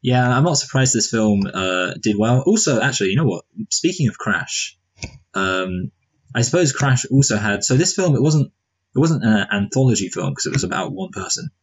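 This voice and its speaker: A man's voice: mid-range voice, big pitch swings, moderate pace, slightly rough, rough recording. A married man co-hosting a movie review podcast, chatting casually with wry jokes and meandering asides. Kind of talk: casual chat.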